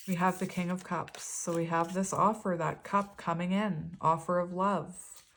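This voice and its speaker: A woman's voice: on the low side, flat delivery, measured pace, heavy background noise. A woman giving a casual tarot reading to her viewers. She talks in a loose, rambling way, corrects herself often, and keeps breaking into giggles. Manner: loose and rambling, many ums and self-corrections. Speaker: tarot reader.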